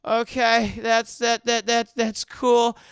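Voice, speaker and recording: A man's voice: sits high, fairly even intonation, normal speed, vocal fry, bright, forceful tone, dry recording, studio quality, full character voice. A man doing a stammering, frightened young woman. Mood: flustered. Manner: flustered, stammering.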